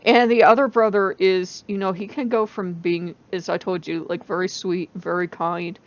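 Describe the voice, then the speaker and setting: A woman's voice: on the low side, little pitch movement, normal speed. A tired woman hosting a casual vlog, rambling with fillers and laughing often. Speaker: channel host. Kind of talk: casual spiritual vlog chat. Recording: dull lo-fi dry recording.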